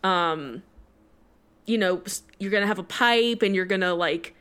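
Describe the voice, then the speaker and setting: Chatty woman with a smooth voice. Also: medium pitch, measured pace, a bit bright. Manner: chatty, hesitant, full of ums and likes. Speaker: restaurant manager in an improv scene. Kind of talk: improvised comedy.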